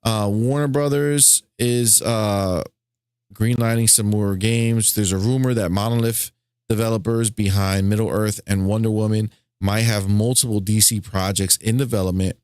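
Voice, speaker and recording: A man co-hosting a casual gaming news podcast, reading news items with fillers and getting excited. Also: lowish voice, normal speed, clean tone, no echo. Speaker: podcast co-host.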